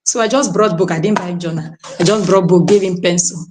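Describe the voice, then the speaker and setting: Animated Nigerian woman giving a testimony. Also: lowish voice, a little fast, noisy background. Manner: animated and exclamatory, often calling out "coach", slipping into pidgin phrases. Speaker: podcast guest sharing a testimony. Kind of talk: live-streamed conversational testimony.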